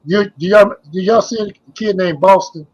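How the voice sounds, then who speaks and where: Husky-voiced older man telling old stories. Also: high voice, moderate pace, darkish tone, lo-fi sound. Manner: rambling, repeats phrases, trails off. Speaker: guest, former basketball player. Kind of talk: casual interview storytelling.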